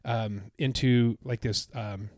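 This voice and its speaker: A man's voice: mid-range voice, fairly even intonation, slow, darkish tone, no room sound, clean studio sound. A man co-hosting a podcast, recounting his trip in a casual, enthusiastic, rambling way. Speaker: podcast co-host. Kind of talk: casual chat.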